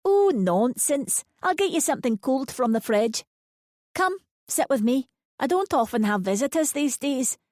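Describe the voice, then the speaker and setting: A woman's voice: sits high, big pitch swings, measured pace, darkish tone, dry recording, clean studio sound, voice pushed up. A woman voicing a cheerful, chatty elderly lady with a sweet, honeyed voice and a West Coast Scottish accent. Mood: chirpy. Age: older. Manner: chirpy, fussing hostess.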